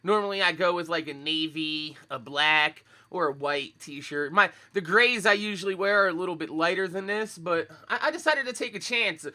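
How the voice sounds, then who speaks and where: A young man, talking laid-back and profane in sneaker-head slang. His voice is high for a man and very bright and sharp, with a groggy morning roughness. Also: moderate pace, few pauses. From Philadelphia, USA. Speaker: sneaker vlogger. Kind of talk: casual chat to live viewers.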